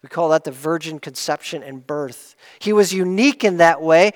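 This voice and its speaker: A man with a high voice preaches a sermon, explaining each point in earnest, pushing up for emphasis and sinking low as he closes it. His voice rings with a long reverb, as in a large hall. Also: moderate pace.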